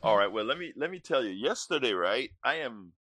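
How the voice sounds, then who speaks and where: A man's voice: medium pitch, very animated, brisk, a bit bright, dry recording. A man hosting a political talk show, speaking energetically and repeating words as he starts his sentences.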